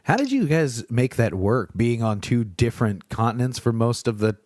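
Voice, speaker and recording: A man's voice: mid-range voice, expressive, moderate pace, darkish tone, slight background noise. A man from Kentucky with a Kentucky accent, hosting a podcast in a chatty, easygoing way and laughing easily. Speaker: podcast host. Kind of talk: casual podcast chat.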